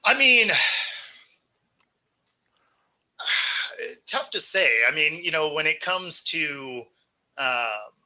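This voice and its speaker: A man's voice: fairly high pitch, expressive, very slow, pauses often, pushed and bright, poor audio. A man co-hosting a casual chat, wry and joking, laughing often and rambling loosely.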